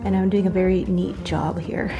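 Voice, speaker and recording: A woman's voice: fairly low pitch, steady tone, normal speed, gravelly, music in the background. A woman narrating her food vlog at home in a chatty, playful way. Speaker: food vlogger.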